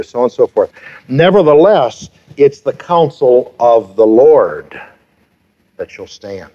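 A man's voice: medium pitch, very animated, slow. A pastor in his fifties preaching a sermon, emphatic, with rhetorical questions and repeated phrases. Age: 50s. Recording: dull lo-fi sermon recording.

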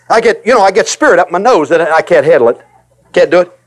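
A man preaching a sermon in an animated way, acting out the voices of reluctant believers and repeating points for emphasis. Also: sits high, a little fast. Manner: emphatic repetition.

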